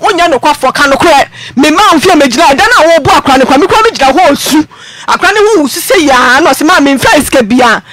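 A woman's voice: high-pitched, animated, racing, fairly bright tone, a little hiss or hum. A Ghanaian woman on a radio counselling show, insistently defending herself with emphatic denials.

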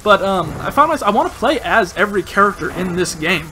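A young man doing gameplay commentary, excitable and self-mocking, yelling in bursts. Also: sits high, fast, noisy background. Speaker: gaming channel host. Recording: music playing loudly underneath.

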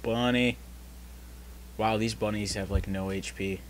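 Low-voiced young man teasing his friend. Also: steady tone, a little slow, slight background noise. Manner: sarcastic, teasing banter. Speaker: gamer recording a let's play. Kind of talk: casual gaming commentary.

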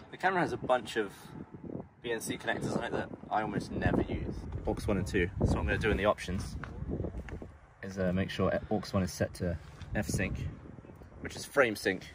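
Calm man explaining, loud outdoor noise. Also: sits low. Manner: calm, methodical, step-by-step. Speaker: camera operator. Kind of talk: technical explanation.

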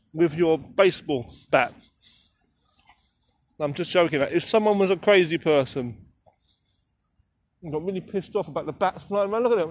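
High-voiced rambling slangy young man. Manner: rambling, slangy, swearing, joking. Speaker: vlogger. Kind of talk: casual walk-and-talk vlog. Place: outdoor garden area in a city at evening.

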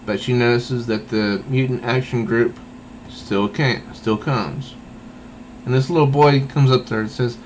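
A man's voice: medium pitch, normal speed, slight background noise, poor audio. A man reviewing a comic book in a casual, meandering way, thinking aloud as he goes.

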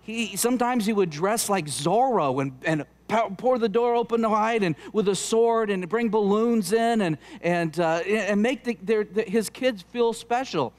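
A middle-aged man preaching a sermon, earnest and exhorting, slowing down to stress key lines. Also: sits high, a little mellow. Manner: earnest, exhorting, slows down for emphasis. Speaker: pastor.

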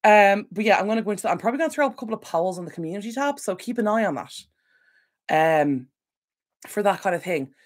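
A woman's voice: medium pitch, expressive, a little fast. A woman hosting a casual home livestream Q&A, rambling and apologetic, easily sidetracked while recovering from illness. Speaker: decluttering channel host. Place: home room at a computer. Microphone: desk microphone.

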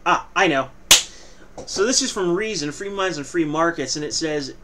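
A man's voice: fairly high pitch, animated, normal speed, a bit bright, slight background noise. A man hosting a casual news commentary vlog, reading articles aloud and adding joking, playfully boastful asides.

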